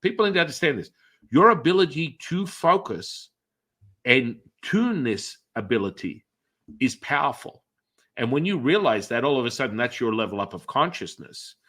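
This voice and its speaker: A middle-aged man, a podcast host and energy healer, tells long stories during an interview in a medium-pitched voice at normal speed. He rambles with fillers and restarts, animatedly acting out other people's reactions in shifted voices.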